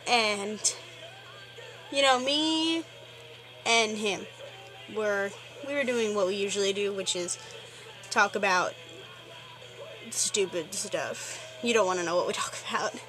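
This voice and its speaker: A woman's voice: mid-range voice, takes it slowly, pauses often, a bit bright, soft background music, rough recording. A teenage girl ranting in a rambling, exasperated way, full of fillers. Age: teens. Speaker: vlogger. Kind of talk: ranting vlog.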